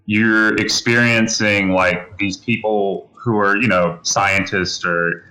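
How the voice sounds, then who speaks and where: A man's voice: lowish voice, fairly even intonation, takes it slowly, bright, forceful tone, low-quality recording. A man co-hosting a podcast, talking through ideas in a thoughtful, rambling way with many fillers. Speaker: podcast co-host. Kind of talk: casual discussion.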